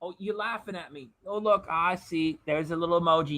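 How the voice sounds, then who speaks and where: High-voiced jokey man chatting on a livestream. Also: brisk, pushed and bright, no room sound. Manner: jokey, rambling, keeps slipping into silly voices. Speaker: reaction channel host. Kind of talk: casual livestream chat.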